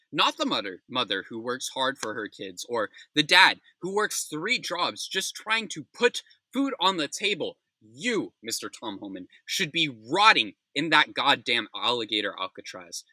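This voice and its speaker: A man's voice: on the high side, pushed and bright, no room sound. A young man hosting a news recap, reading stories and breaking into angry, profane rants, then apologizing for swearing. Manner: angry, ranting with heavy swearing; apologetic asides between rants. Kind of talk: opinionated news commentary.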